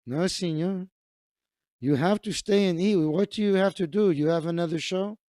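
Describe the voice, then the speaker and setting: A man's voice: sits high, moderate pace, warm tone, no room sound, close to an everyday voice. A man putting on a pushy Mexican party host. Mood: insistent. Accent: put-on Mexican Spanish accent. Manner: pushy, generous, broken English. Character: insistent, hospitable older Mexican party host, man in his fifties.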